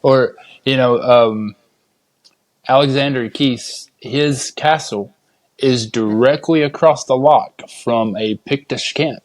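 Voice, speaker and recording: A man with an Appalachian accent, hosting a casual podcast conversation in a relaxed, plain-spoken way. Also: medium pitch, slow, poor audio. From Appalachian mountains, United States. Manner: relaxed, brief affirmations and plain talk. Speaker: podcast host.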